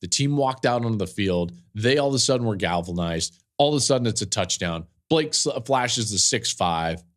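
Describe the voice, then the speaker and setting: A man in his forties hosting a sports podcast, telling a game story with animated, emphatic energy and frequent restarts. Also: on the low side, moderate pace, few pauses. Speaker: podcast host and football analyst. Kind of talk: casual sports podcast talk.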